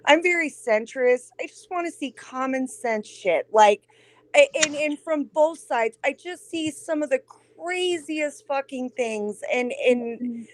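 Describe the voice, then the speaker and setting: A woman's voice: sits high, animated, a little slow, a little hiss or hum. Chatty woman guest on a video call. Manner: chatty, apologetic, laughs often. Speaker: guest, host of a politics show. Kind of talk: casual online show chat. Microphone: computer mic on a video call.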